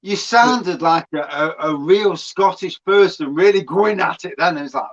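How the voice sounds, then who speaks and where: Nottingham guy, slightly high voice, muffled lo-fi sound, sweary. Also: measured pace, hardly any pauses, fairly bright tone. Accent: Nottingham English. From Nottingham, England. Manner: sweary, laughing. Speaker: stream guest. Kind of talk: casual chat.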